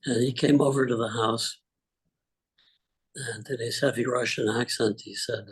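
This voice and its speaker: An older man telling relaxed, rambling personal stories on a group video call, with many fillers. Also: mid-range voice, measured pace, pauses often, husky, poor audio. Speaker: call participant. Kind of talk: casual storytelling on a group call.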